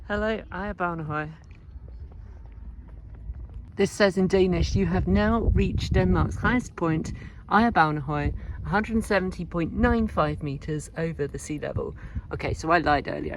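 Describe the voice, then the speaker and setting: Woman chatting away on a country walk, wry and amused, a bit of outdoor hiss behind. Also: lowish voice. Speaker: travel vlogger. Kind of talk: casual walking vlog narration. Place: outdoors, walking through countryside.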